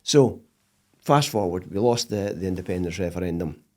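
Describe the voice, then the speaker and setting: A middle-aged man with a Scottish accent, a podcast guest telling stories in casual interview chat, animated and laughing often. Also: sits low, normal speed.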